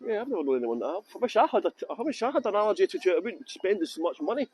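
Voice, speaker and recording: Walking city streets on a live tour, a male guide films on a handheld phone, chatting with viewers, cracking jokes, laughing often, and answering their comments. His high, darkish voice swings widely in pitch and races along, and the audio is poor.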